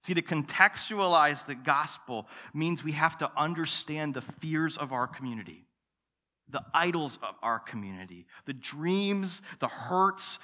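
A man's voice: medium pitch, sharp tone, long reverb tail. A man preaching a sermon to his church, telling a story and asking the congregation rhetorical questions. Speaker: pastor. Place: church sanctuary.

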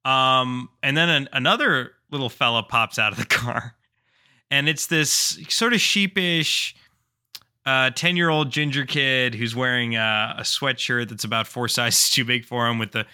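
A man's voice: mid-range voice, unhurried, bright, forceful tone, clean tone. A man, telling a rambling story on a casual podcast, with lots of fillers. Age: 30s. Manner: rambling, loose, with frequent fillers. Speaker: podcast co-host.

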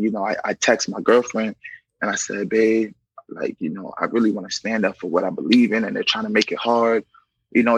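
Gravelly young man telling a story. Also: on the low side, dry recording, rough recording. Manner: animated, acts out quoted dialogue; conversational, frequent "you know". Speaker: correctional officer. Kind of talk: casual personal storytelling.

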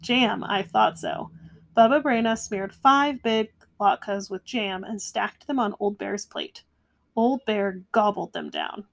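A woman reading a children's picture book aloud in a gentle, measured way. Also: medium pitch, gravelly. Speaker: storyteller. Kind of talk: storybook read-aloud.

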